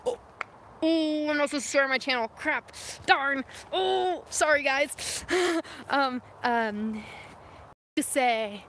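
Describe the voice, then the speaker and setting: A woman's voice: high voice, lively intonation, slow, a bit bright, a little hiss or hum. A young woman from California chatting casually on a livestream from inside her van, playful and talkative. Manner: chatty and playful, tries out mock accents. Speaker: vlogger and snowboarder. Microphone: phone camera.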